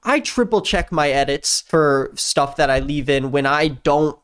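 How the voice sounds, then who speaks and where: A man's voice: fairly high pitch, lively intonation, measured pace, smooth. Young guy doing reaction commentary, sarcastic, can't believe what he's watching. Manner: sarcastic and incredulous. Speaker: YouTube commentator.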